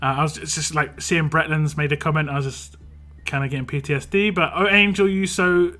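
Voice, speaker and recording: Man, game streamer, bright tense voice, slightly high, chatty, faint music behind. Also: fairly even intonation, quick pace. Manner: chatty, reads comments aloud in a playful sing-song. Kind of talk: casual live-stream commentary reading chat.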